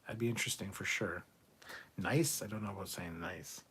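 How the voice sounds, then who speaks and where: A man's voice: low voice, moderate pace, fairly bright tone, a little hiss or hum. A man hosting a casual livestream, reading viewer comments aloud and answering them in an offhand, profane way. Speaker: livestream host reading chat. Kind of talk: casual live chat.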